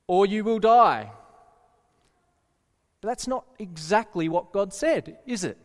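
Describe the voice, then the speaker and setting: Earnest male preacher, high voice, slow, echoey hall sound. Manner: earnest, asks the listeners questions. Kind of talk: sermon.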